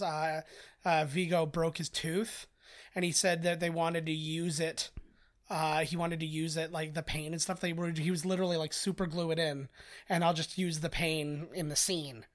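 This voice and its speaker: A man's voice: on the high side, fairly even intonation, moderate pace. A man co-hosting a casual movie commentary podcast, rambling with fillers as he shares film trivia. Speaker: podcast co-host.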